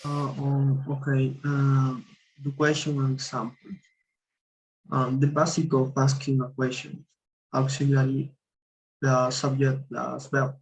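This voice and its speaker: A man presenting to his class in a husky voice. His pitch stays flat and level while he works through the material, pausing and hesitating between phrases. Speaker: student presenter.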